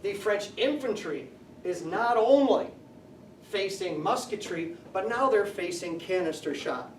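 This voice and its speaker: Male teacher lecturing, high-pitched, picked up from across an echoey classroom. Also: animated, measured pace, far from the mic, a little hiss or hum. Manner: explanatory, asks the class questions. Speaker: high school history teacher.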